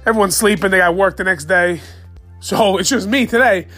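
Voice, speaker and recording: A man hosting a solo sports fan podcast late at night, excited, profane and rambling as he rants. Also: high voice, a little fast, faint music behind. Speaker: podcast host.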